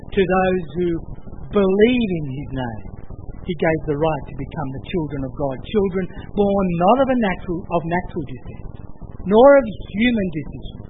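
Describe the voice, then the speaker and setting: A man preaching a sermon in church with an expressive, emphatic delivery that swings between loud and soft. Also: high-pitched. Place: church service. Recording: tinny phone-like sound with faint noise.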